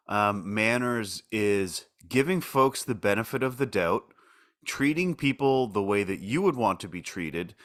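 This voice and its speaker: Canadian dude on a podcast, relaxed and jokey, medium voice. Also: male voice, mid-range voice. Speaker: podcast co-host. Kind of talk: casual chat.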